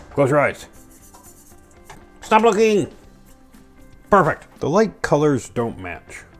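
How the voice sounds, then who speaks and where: A man chatting casually to himself while cooking in a small home kitchen, goofy and full of silly sound effects. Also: mid-range voice.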